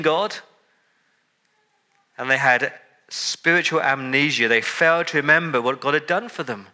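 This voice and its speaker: A man's voice: a little high, sharp tone. A man preaching a sermon with emphatic delivery, repeating words and building lists for effect. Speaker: pastor.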